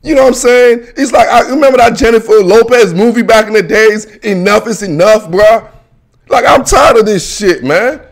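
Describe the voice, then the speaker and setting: High-pitched ranting football host. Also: male voice, normal speed. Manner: animated, ranting and pleading, slangy with frequent "man" and "bro"; bursts into shouts and laughs. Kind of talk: casual solo sports commentary.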